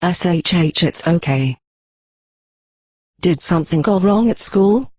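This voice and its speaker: A text-to-speech voice reading the lines of a gentle, doting pegasus mother from a storybook, in a flat, even synthetic delivery. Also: mid-range voice, takes it slowly, breathy edge, no echo.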